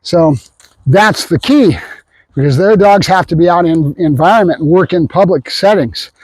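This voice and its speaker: A man training a puppy on camera, explaining his methods to viewers in a casual way and breaking into excited praise for the dog. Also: a little high, moderate pace, breathy edge, no room sound, low-quality recording. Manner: casual, addresses viewers as guys. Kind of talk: hands-on training demo with commentary to viewers. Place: outdoors at a training area.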